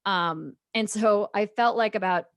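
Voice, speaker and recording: A woman co-hosting a podcast, telling a story in a casual, animated way and laughing often. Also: mid-range voice, a little slow, no room sound. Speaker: podcast co-host.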